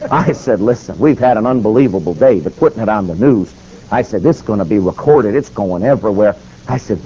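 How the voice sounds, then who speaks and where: Animated preacher telling a story. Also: male voice, a little fast. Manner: animated, acts out quotes with shifting pitch. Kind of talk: sermon storytelling. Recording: slightly dull recording with faint noise.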